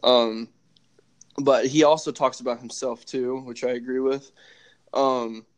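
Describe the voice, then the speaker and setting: A man co-hosting a casual podcast, talking in halting phrases with many restarts. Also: mid-range voice, steady tone. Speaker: podcast co-host. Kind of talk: casual chat.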